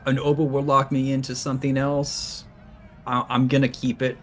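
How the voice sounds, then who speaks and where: A man playing a tabletop game, describing his moves in halting, restarting speech. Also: medium pitch, little pitch movement, a little hiss or hum. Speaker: player. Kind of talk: casual tabletop game talk.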